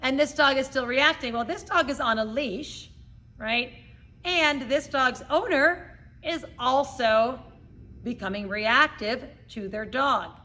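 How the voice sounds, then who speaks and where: A middle-aged woman dog trainer explains behavior terms in a casual teaching talk, using hand puppets and frequently checking in with "okay?". Her high voice is bright and forceful, and she speaks slowly.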